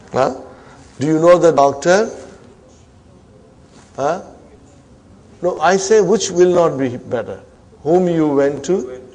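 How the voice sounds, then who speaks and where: A man teaching an Arabic grammar class, coaxing students along, drilling terms slowly and checking they follow. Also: on the high side, a little mellow. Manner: coaxing, repeats "huh?" and "are you with me" to check students.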